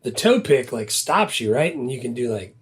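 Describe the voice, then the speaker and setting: A man's voice: medium pitch, very animated, normal speed, breathy edge. A man from Louisiana co-hosting a casual movie podcast, laid-back and wryly joking. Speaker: podcast co-host.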